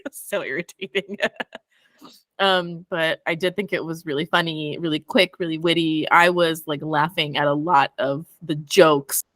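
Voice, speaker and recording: A young woman hosting a book club chat, animated and quick to laugh. Her voice is bright and forceful. It sounds dry and close. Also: deep voice, dry recording. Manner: animated, laughs often, excitable. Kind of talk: casual chat.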